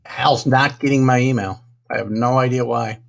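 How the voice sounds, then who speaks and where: A man's voice: medium pitch, steady tone, normal speed, vocal fry, slight background noise. A man hosting a live sports talk stream, flustered and apologetic, muttering to himself while fighting technical trouble. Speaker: sports talk show host.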